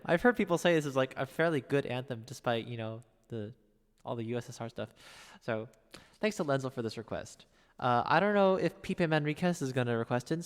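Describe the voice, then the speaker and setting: A man streaming piano requests, chatting casually and wryly with his chat in a soft, drifting way. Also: clean tone, in a large hall. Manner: chatty, wry, drifts soft and low between songs.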